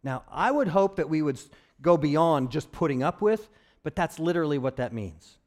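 A man's voice: a little high, lively intonation, normal speed, a little mellow. A man preaching a conversational sermon as pastor, with joking asides to his congregation.

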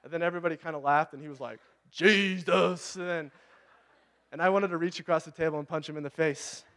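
This pastor, a man in his thirties with a Pacific Northwest American accent, races along in a steady, somewhat high voice. His sermon is conversational, and he puts questions to the congregation.

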